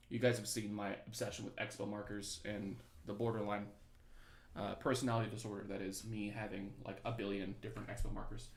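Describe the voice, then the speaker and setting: A man's voice: on the low side, echoey room. A young male teacher casually chatting with students on a review livestream, joking and reading the chat aloud. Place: his apartment.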